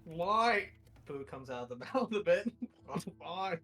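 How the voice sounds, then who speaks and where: Drunk, clingy man, put on by a player: slow, pleading and childlike, with a lively, swooping voice. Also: mid-range voice, soft background music. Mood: drunk, stubborn. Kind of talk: tabletop role-play.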